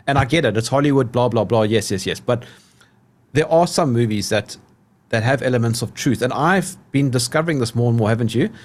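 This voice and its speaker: A man's voice: medium pitch, brisk. A South African man hosting a podcast, chatting casually and laughing often. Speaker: podcast host. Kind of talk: casual chat.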